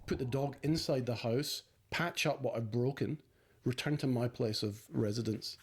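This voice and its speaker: Gravelly husky Scottish man. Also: medium pitch, moderate pace. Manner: chatty storyteller, rambling with fillers. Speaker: podcast co-host. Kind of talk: casual chat.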